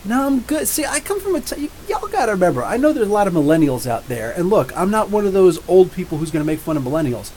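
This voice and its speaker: A man from New Jersey with drawn-out R's, hosting a live comics show. He rambles and jokes back at viewer comments in a slightly high voice. A faint hiss runs under the recording. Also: sing-song, darkish tone, poor audio. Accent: New Jersey with drawn-out Ohio-style R's. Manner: rambling, jokey, talks back to chat. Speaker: podcast host.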